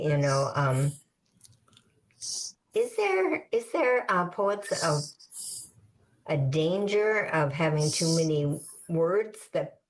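A woman hosting a show and interviewing poets, speaking hesitantly with many fillers. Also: sits low. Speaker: radio show host.

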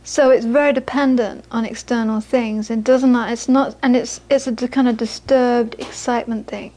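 A woman gives a relaxed Buddhist teaching in a high, light voice. She tells her stories in a chatty way, often restarting and repeating words. She sounds middle-aged. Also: moderate pace. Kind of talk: informal dharma talk with anecdotes.

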